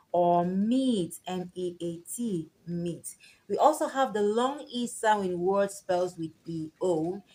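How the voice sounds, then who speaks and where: Slow, deliberate woman teaching pronunciation. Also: mid-range voice, a little mellow. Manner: spells words letter by letter and repeats them; stretches target vowels for emphasis.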